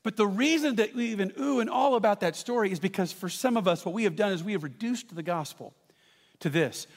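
A man preaching a sermon as pastor, telling stories with lively asides to the congregation. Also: high-pitched, fairly quick, big-room sound. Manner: animated storytelling with asides to the congregation.

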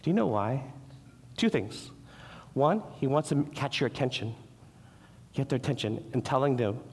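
A man's voice: mid-range voice, animated, normal speed, a little mellow, husky. A man preaching a sermon as pastor, earnest, restarting his words and acting out the quoted voices. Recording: long hall reverb.

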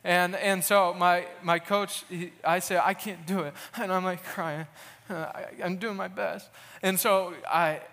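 An earnest young man preaches in a relaxed, conversational way, slipping into personal stories with frequent restarts. His voice sits a little higher than most men's. A long hall reverb trails behind his words. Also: a little slow, gravelly. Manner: earnest, casual, with restarts and storytelling. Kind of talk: sermon.

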